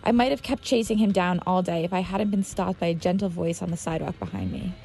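A woman's voice: lowish voice, fast, creaky, warm tone, slightly rough, soft background music. A woman reading a personal story aloud, with vivid, dramatic delivery.

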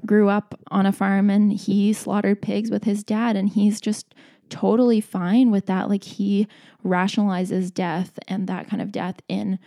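A woman's voice: medium pitch, little pitch movement, a little slow, mellow. A woman in her twenties talking casually to camera, chatty and full of filler words. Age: 20s. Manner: chatty, frequent "like" fillers and restarts. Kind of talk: casual vlog talk.

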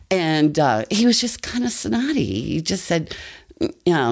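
Older woman guest, low-pitched, animated breathless storyteller. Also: moderate pace, breathy edge. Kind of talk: personal anecdote.

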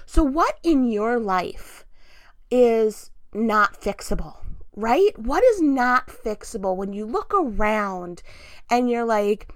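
A woman's voice: fairly high pitch, lively intonation, normal speed, dry recording, studio quality. A woman giving an earnest, chatty devotional talk, full of fillers and direct questions to the listener. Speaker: Christian devotional speaker.

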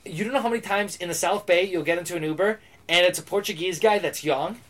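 High-voiced guy rattling off hot takes fast on a podcast, swears a lot. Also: a bit bright. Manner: brash, opinionated, swears freely. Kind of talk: casual podcast chat.

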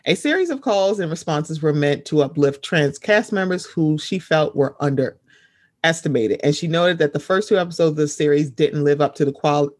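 A man's voice: a little high, lively intonation, moderate pace, dry recording, clean studio sound. A man reading an article aloud and breaking off to add his own emphatic commentary.

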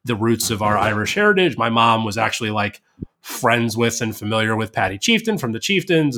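An American man co-hosting a casual movie podcast, joking and laughing easily. His pitch swings widely as he talks, rising high and dropping low. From United States. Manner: lively, joking, quick to laugh. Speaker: podcast co-host.

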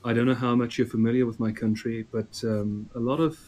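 A man's voice: medium pitch, level tone, fairly quick, a little mellow, a little hiss or hum. A man from South Africa co-hosting a podcast, enthusiastic and emphatic, with a radio presenter's delivery. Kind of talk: casual chat.

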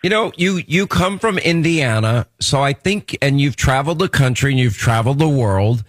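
A man's voice: medium pitch, expressive, normal speed, dry recording. A middle-aged man with a New York accent hosting a radio talk show, chatting in a rambling way and often restarting his sentences. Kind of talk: radio interview.

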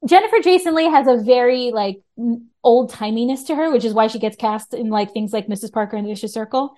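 Woman guest on a podcast, kinda high voice, animated, lots of restarts. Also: fast. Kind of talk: casual chat.

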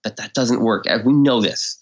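A man as a podcast guest, explaining ideas in casual talk and often acting out quoted speech with lively swings in tone. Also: medium pitch, normal speed, slightly rough, muffled recording. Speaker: guest expert. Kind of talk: conversational explanation.

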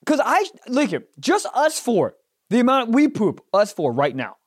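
A man on a podcast telling a comic story in casual chat, swearing and rising to loud, indignant outbursts. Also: very high voice, wildly swooping pitch, moderate pace, dry recording, studio quality. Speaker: podcast host.

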